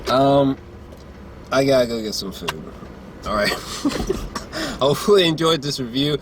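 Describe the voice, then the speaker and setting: A young man giving a casual movie review, rambling and profane, with lots of filler words and throat clearing. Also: medium pitch, expressive, normal speed. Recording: faint background noise.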